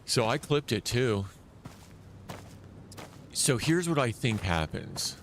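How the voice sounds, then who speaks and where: A man streaming a survival shooter live, talking loosely and excitedly as he plays, often restarting his sentences. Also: medium pitch, slow, a little hiss or hum. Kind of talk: live gameplay commentary.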